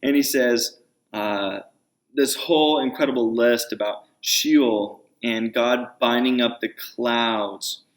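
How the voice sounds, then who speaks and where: A man's voice: mid-range voice, slow pace. A man preaching a conversational sermon, explaining scripture and paraphrasing characters in his own words. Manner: conversational Bible teaching, paraphrasing in a lively voice. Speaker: pastor.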